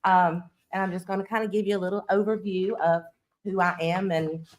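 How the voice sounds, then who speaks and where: A middle-aged woman speaks as a guest at a parenting talk, plain-spoken and unassuming. Her voice sits on the low side. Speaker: guest speaker, pre-K educator. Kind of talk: informal presentation.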